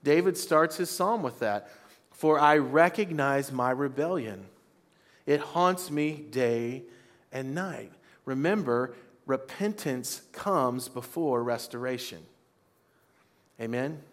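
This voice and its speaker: A man's voice: mid-range voice, expressive, slow. Man preaching a call-and-response sermon. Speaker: pastor. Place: church before a congregation.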